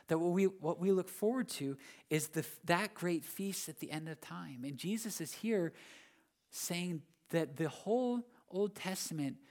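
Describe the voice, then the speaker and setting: A man's voice: sits high, a little mellow. A man preaching a sermon, earnest, building to emphatic rises and repeating key phrases. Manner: earnest preaching with rising emphatic peaks and repetition. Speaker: pastor.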